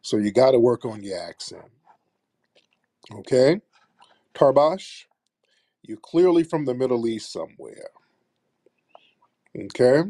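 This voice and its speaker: A man's voice: mid-range voice, sing-song, slow pace, pauses often, mellow, dry recording, clean studio sound. A man hosting a live talk show, speaking bluntly and sarcastically in a streetwise manner. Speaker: host.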